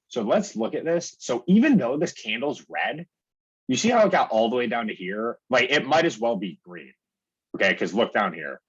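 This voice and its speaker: A man's voice: mid-range voice, big pitch swings, moderate pace, slightly rough, lo-fi sound. A young man casually walking through trading charts on his screen, chatty, peppering his talk with "like" and "okay" and acting out his own reactions. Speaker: day trading educator.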